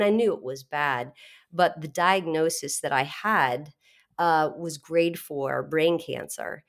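A middle-aged woman speaks in a low voice as an interview guest. She tells her story candidly and animatedly, laughing between phrases and restarting sentences quickly.

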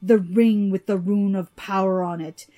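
A woman voicing a furious, greedy old male dwarf who shouts and curses in a storybook reading. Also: very high voice, huge pitch swings, normal speed, dull audio, pitched above the performer's own voice, full character voice. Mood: cursing. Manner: shouting, outraged and desperate.

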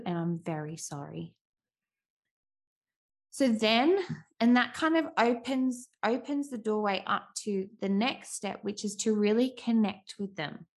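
A woman's voice: medium pitch, gravelly. A woman, speaking earnestly and reflectively about parenting, often restarting her sentences. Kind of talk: casual talk on parenting.

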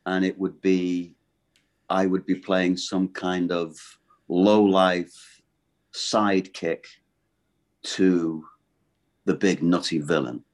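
Guest voice actor, middle-aged man, deep low voice, halting and rambling chat. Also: flat delivery. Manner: rambling, halting and self-correcting. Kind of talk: casual interview chat.

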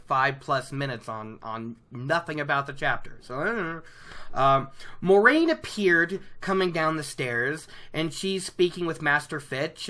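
A person chatting casually about a book chapter, rambling off on tangents and slipping into quick quoted voices. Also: medium pitch, bright, forceful tone. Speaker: book reviewer.

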